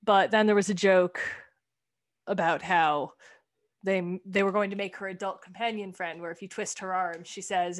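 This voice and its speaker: A woman's voice: mid-range voice, fairly even intonation, moderate pace. A woman co-hosting a casual chat, talking candidly, swearing bluntly when annoyed and acting out quoted lines. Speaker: podcast co-host. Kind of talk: casual chat reviewing a comedy show.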